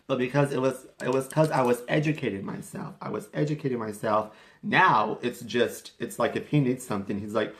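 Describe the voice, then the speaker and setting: A man's voice: mid-range voice, fairly quick, few pauses. A young man talking casually to camera in a vlog, chatty and rambling. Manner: chatty and rambling, with restarts and quoted asides. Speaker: vlogger.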